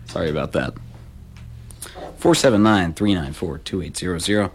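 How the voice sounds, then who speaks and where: A man with a lowish voice hosts a local call-in radio program from the studio. He reads out items for sale and trade in an easygoing, offhand way, repeating each phone number twice. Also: moderate pace, a little hiss or hum. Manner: casual, repeats phone numbers, slangy asides. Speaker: radio show host.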